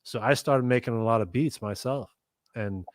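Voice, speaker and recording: A middle-aged man spins casual stories as a guest, with loose swearing and quick impressions of the people in them. His voice sits at an average pitch and sounds close and dry. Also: no room sound. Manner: animated, swears casually, acts out other people's lines. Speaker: guest musician. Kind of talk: casual storytelling chat.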